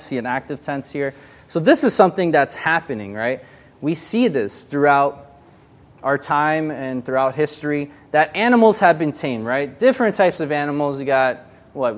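Chatty man leading a Bible study. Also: fairly high pitch. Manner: chatty, filler-heavy, asks the group questions. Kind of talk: casual interactive Bible teaching.

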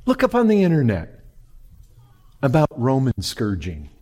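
A man preaching a sermon, animated, swinging between loud high emphasis and quiet low lines. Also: a little slow. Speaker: pastor.

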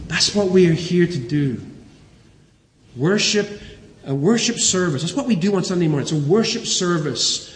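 A man's voice: sits high, moderate pace. A man preaching a sermon in a church, earnestly quoting scripture and building emphasis. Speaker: pastor. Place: church sanctuary. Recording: roomy church hall reverb.

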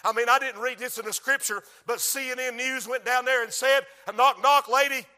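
A man preaching a sermon, moving between hushed storytelling and shouted refrains. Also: extremely high pitch, fairly even intonation, brisk, long reverb tail, noisy background.

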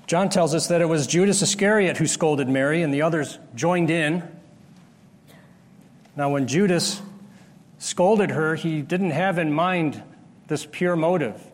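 A man preaching a sermon, explaining a Bible passage step by step and pausing to restart his phrases. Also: on the high side. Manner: explanatory, rises sharply when acting out the disciples' scolding. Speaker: pastor. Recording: long hall reverb.

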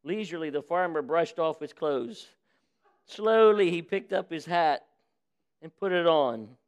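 Pastor with a high voice telling a story. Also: male voice, unhurried, clean tone. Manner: reads a parable with lively voiced quotes, then preaches. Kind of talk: sermon with a read-aloud story. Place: church.

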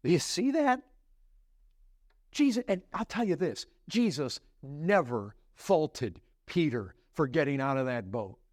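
A man preaching a sermon in a fairly high voice that swings widely in pitch. He keeps putting questions to the congregation, dropping low and quiet, then rising sharply. The sound is dry and close, with no room echo. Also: big pitch swings, a little slow. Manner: preaching with sudden rises and hushed low drops; addresses the congregation directly with questions. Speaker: pastor.

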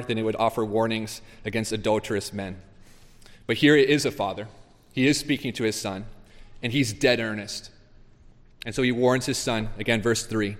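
A man preaching a sermon, reading scripture aloud and pressing his points with earnest emphasis. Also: mid-range voice. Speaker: pastor. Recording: long reverb of a large hall.

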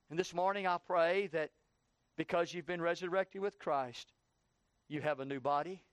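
High-voiced preaching pastor, dry sound. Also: male voice, no echo. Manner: preaching with rising, heated questioning. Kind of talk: sermon. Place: church.

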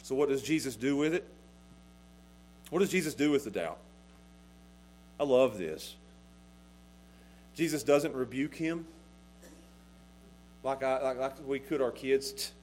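A middle-aged man preaching a sermon as pastor, swinging between hushed lines and loud, emphatic ones. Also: medium pitch, unhurried, pauses often, slight background noise.

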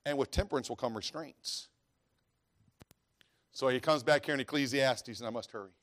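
A man's voice: mid-range voice, normal speed. Folksy preacher man with dynamic swings. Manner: folksy storytelling, swings from quiet asides to loud preaching; reads scripture in old-fashioned wording. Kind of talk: sermon.

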